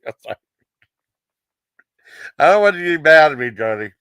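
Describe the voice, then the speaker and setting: A man's voice: a little high, big pitch swings, normal speed, fairly bright tone, clear, resonant tone, dry recording. Guy reviewing TV sketches in a loose, rambling, giggly way; dry, close-sounding recording. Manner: rambling, with many fillers and giggly asides. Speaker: TV comedy show reviewer. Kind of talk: casual chat.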